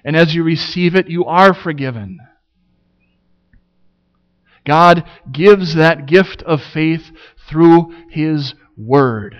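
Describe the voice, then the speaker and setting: Male pastor, unhurried sermon delivery, clear voice, slightly dull lo-fi recording. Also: fairly high pitch. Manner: slow, measured preaching with dry humor.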